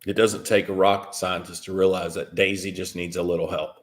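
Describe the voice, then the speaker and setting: A man's voice: low voice, little pitch movement, fairly quick. A man telling a rambling story to his live chat, swearing freely and filling gaps with ums. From United States. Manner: rambling, profane, with frequent fillers. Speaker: vlogger.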